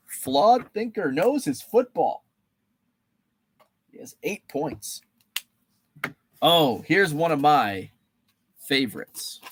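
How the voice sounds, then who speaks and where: A man's voice: on the high side, sing-song, extremely slow, pauses often, slightly rough, dry recording. Chatty man hosting a card quiz stream. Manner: reads viewer names and answers, chatty and playful. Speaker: host running a trading card guessing game on a live stream. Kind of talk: casual live-stream chat.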